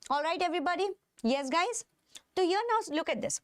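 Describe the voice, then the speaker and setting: In a very high-pitched, expressive and slightly bright voice, a woman with an Indian English accent teaches chemistry online live. She lingers on key words and checks in with her class over and over.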